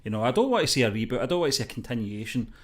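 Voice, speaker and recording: Hesitant male co-host, mid-pitched voice. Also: very animated, racing. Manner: conversational, hesitant, many fillers and restarts. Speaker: co-host of a movie news show. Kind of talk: casual movie news chat.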